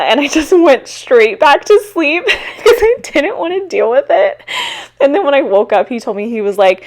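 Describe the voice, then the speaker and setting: A young woman answers viewer questions in a loose, chatty way. She pokes fun at herself and laughs often. Her voice sits in a middle pitch, and she talks into her own mic. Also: big pitch swings, a little fast. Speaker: teacher and small-shop vlogger. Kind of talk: casual Q&A chat.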